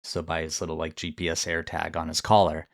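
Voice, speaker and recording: A man's voice: very deep voice, monotone, brisk, vocal fry, no room sound, clean studio sound. A man co-hosting a podcast, casually retelling a news story with easy laughs. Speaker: podcast co-host. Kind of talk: casual chat.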